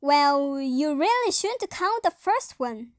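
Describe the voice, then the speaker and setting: A young woman on stage playing a calm, sweet elderly aunt in amateur acting, speaking soothingly and calling others dear. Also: sits high, slow pace, no echo, full character voice. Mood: placid. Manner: soothing, gentle, says dear often.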